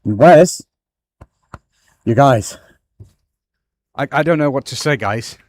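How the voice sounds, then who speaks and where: A man chats loosely through a live stream from his workshop, breaking off to thank viewers with deep, sighing gratitude. His voice sits at an ordinary middle pitch, neither high nor low. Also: expressive, takes it slowly, a little mellow. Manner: effusively grateful, sighing often. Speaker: woodturning livestream host. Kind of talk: casual live workshop chat. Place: home workshop.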